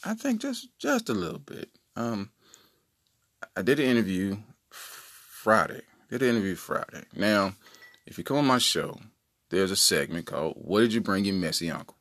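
A man with a lowish, sing-song voice hosts his own podcast, telling joking stories in a playful, casual way. He talks at a normal speed with a fairly bright tone, and the recording is studio quality with no echo.

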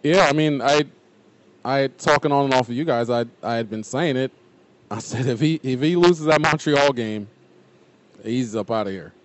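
Animated man talking sports. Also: medium pitch, normal speed, no room sound. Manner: animated, talks with emphatic conviction. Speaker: podcast co-host. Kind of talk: casual sports podcast chat.

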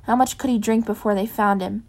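Brief: woman narrator, mid-pitched, casual home reading of a story, fixes her stumbles as she goes. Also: fairly even intonation, fairly quick, a little mellow. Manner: unpolished, corrects her own slips. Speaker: reader. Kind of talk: reading fan fiction aloud.

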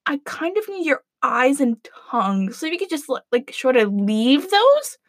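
A woman's voice: sits high, sing-song, moderate pace, no room sound. A scrawny, jittery huntsman who stammers over every word and keeps apologizing, as a woman plays him. Awkward and timid, recorded dry and close. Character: scrawny nervous male huntsman.

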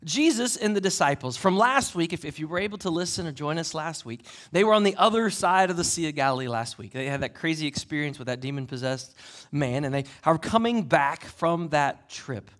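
A man preaching a sermon in a church, swinging between loud emphasis and hushed asides. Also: on the high side, expressive, a little fast. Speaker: pastor.

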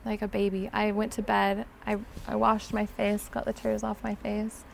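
A young woman from Utah speaks as a podcast guest, telling a personal story with earnest feeling and frequent casual fillers. Her voice is mid-pitched and carries a touch of vocal fry. A faint hiss sits under the recording. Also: monotone, moderate pace. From Utah, USA. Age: young adult. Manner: earnest, emotional, many "like" fillers.

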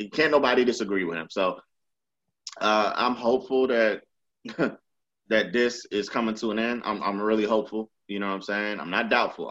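A man's voice: mid-range voice, fairly bright tone, dull audio. A man co-hosting a casual podcast, blunt and profane, mocking and laughing as he talks. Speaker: podcast co-host. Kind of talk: casual chat.

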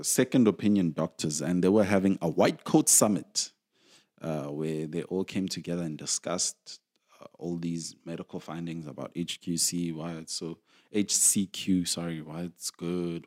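A South African man in the middle of an angry rant, pushing hard on his words. He trips over himself with restarts, jumps up into loud, high outbursts and drops back down into low, muttered asides. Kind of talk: casual ranting commentary.

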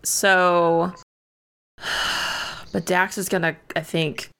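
Woman player, lowish gravelly voice, um-ing through her turn. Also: little pitch movement, extremely slow, fairly bright tone. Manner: hesitant, thinking aloud with fillers. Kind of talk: casual tabletop game chat.

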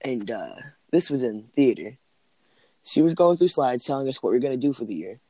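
A man's voice: medium pitch, very animated, a little fast, dark tone, no room sound. A man in casual chat, rambling through school stories with lots of "like" and "um". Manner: rambling, heavy use of "like" and "um".

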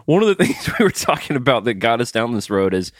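A man co-hosting a comedy podcast in casual chat, teasing and quick to laugh. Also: medium pitch, big pitch swings, dry recording, clean studio sound. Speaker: podcast co-host.

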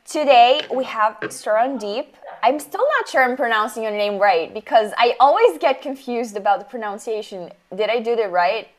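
A woman's voice: on the high side, moderate pace, hardly any pauses. A woman hosting a podcast interview, chatting in a friendly, effusive way and heaping praise on her guest. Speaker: podcast host.

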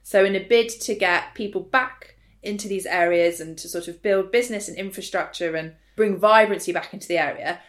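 A woman's voice: medium pitch, a little fast, hardly any pauses. A woman in her thirties, co-hosting a casual podcast chat in a frank, opinionated way with dry humor. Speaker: podcast co-host.

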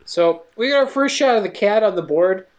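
A co-host walking through a film plot in relaxed podcast chat, at a middle pitch. The delivery is sarcastic and playful, with characters' lines acted out along the way. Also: brisk, dull audio. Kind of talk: casual movie recap narration.

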